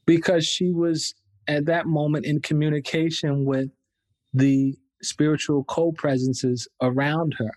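Slow, reflective male professor guest. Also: fairly high pitch, a little mellow, no echo. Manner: reflective, thoughtful, unhurried. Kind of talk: interview answers.

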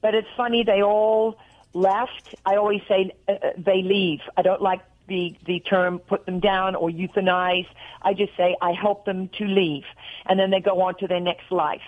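A woman's voice: mid-range voice, flat delivery, moderate pace, narrow, tinny audio. A middle-aged woman with an Australian accent, chatting on the phone as a radio guest, rambling and jumping between thoughts. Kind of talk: casual phone chat. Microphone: telephone.

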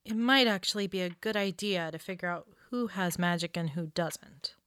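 A woman in an audio drama, playing a flat, matter-of-fact detective. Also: lowish voice, normal speed, smooth, dry recording, clean studio sound, natural voice. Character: dry-humored detective with a headache.

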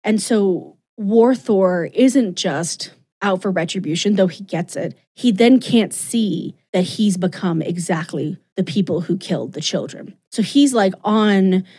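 Woman, podcast co-host, casual rambling chat, animated asides, mid-pitched. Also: unhurried, few pauses, breathy edge. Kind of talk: casual chat recapping comics.

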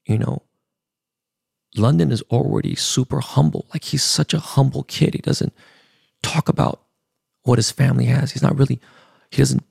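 A man's voice: mid-range voice, moderate pace, vocal fry, pauses often, darkish tone, breathy edge, no echo, studio quality. A middle-aged man hosting a podcast, telling a personal family story in a candid, emotional way with casual profanity. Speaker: podcast host.

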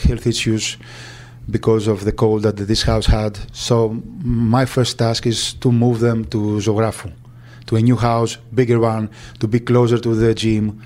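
Hesitant man, soft and mellow. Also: on the low side. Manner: halting, with frequent restarts and fillers. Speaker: agent. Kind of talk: recounting memories in an interview.

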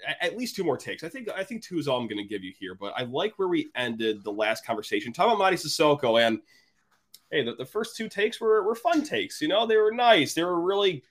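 Lively, animated male podcast host. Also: on the high side, brisk. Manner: lively, jokey, self-deprecating. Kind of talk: casual sports podcast chat with ad read.

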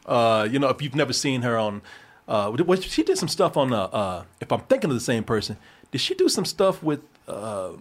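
A man hosting a podcast, chatting casually about a movie, animated and profane, laughing often. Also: medium pitch, moderate pace. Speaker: podcast host. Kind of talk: casual movie review chat.

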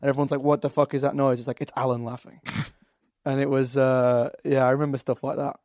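A man's voice: mid-range voice, little pitch movement, fairly quick, darkish tone, no echo, studio quality. A man with an English accent, a guest talking casually on a podcast, hesitant with fillers and restarts. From England. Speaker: actor guest.

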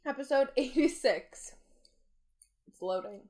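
Young woman, podcast host, playful, reads episode intros, high-ish voice. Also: lively intonation, measured pace, a little mellow. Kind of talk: casual chat.

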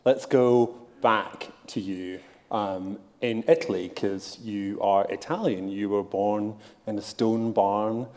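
A man with a low voice hosts an interview on stage. He puts his questions with wry, joking remarks. The sound has the long reverb of a large hall. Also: fairly even intonation, slow, hardly any pauses, a little mellow. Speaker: interviewer, event host.

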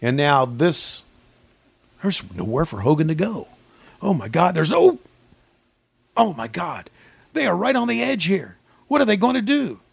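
Gravelly man doing profane mock commentary. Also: unhurried, long pauses, no echo. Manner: swings from low mumbling to yelled excitement. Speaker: podcast co-host.

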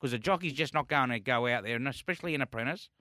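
A man's voice: mid-range voice, rapid-fire, no room sound, clean studio sound. An Australian man co-hosting a racing radio show, arguing his opinions with heat. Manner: animated, heated opinions. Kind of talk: casual radio banter. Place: radio studio.

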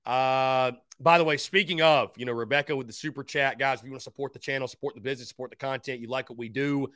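A man's voice: medium pitch, steady tone, fast, no echo, studio quality. A man hosting a live call-in sports podcast. He talks energetically, repeats his points, thanks viewers by name and speaks straight to his audience. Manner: thanks fans and shouts out supporters by name. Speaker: podcast host. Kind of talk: live-stream call-in show chat.

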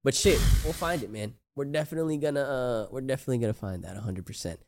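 A man's voice: mid-range voice, quick pace, darkish tone. A young man co-hosting a casual podcast, laid-back and laughing often as he reads out comments, swearing freely. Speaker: podcast co-host. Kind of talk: casual chat reading comments.

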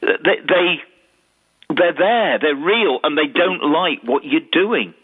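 A man telling ghost stories in a casual chat, animated, often repeating words. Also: fairly high pitch, slow, breathy edge. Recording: tinny phone-line audio.

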